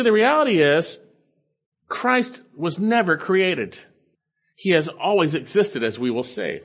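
Animated man preaching a sermon. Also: high-pitched. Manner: emphatic, repeats key phrases for stress. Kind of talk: expository sermon.

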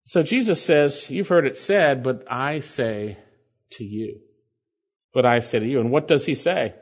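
A man's voice: mid-range voice, measured pace, breathy edge. A man preaching an expository sermon as pastor, emphatic and repeating key phrases for stress. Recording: dull lo-fi sermon recording.

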